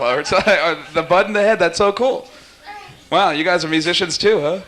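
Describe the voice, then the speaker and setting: A man warming up a live talk show audience, teasing guests and cracking quick jokes. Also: high-pitched. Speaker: talk show warm-up host. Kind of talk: jokey stage banter with audience.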